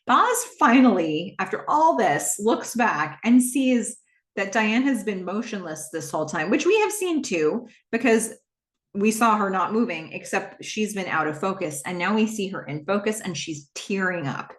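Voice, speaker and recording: A woman's voice: medium pitch, big pitch swings, moderate pace. A woman casually recapping a TV episode for her podcast, rambling through asides and fillers in a mid-range voice. Her voice rings in a roomy, echoing space. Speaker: podcast host. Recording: roomy echo.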